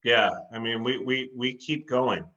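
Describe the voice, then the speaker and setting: A man with a bright, forceful voice tells stories about his band with plenty of enthusiasm. The recording sounds slightly muffled and lo-fi. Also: mid-range voice, steady tone, measured pace. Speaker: tribute band singer. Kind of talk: casual interview chat.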